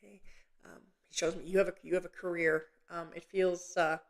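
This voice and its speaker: A woman hosting a live psychic medium session, talking gently and haltingly with many pauses and restarts. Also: on the low side, little pitch movement. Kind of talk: live online reading.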